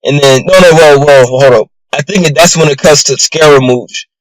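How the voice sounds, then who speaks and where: Man reviewer, slightly higher voice, loose and rambling show recap, dry close sound. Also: normal speed, no room sound, poor audio. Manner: rambling, heavy on fillers like "you know" and "bro". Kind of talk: casual episode recap.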